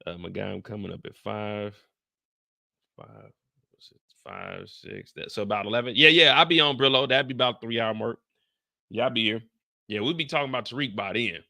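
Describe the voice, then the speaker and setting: A young man recapping a TV episode on a live stream, telling it in an animated, profane way and talking to his chat. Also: fairly low pitch, brisk, creaky, pauses often.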